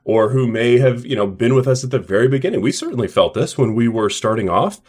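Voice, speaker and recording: A man's voice: mid-range voice, animated, fast talker, a little mellow, husky. A man co-hosting a casual business podcast. He speaks emphatically in a coaching tone and slips into acted-out dialogue to make his points. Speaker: podcast co-host, clinic owner.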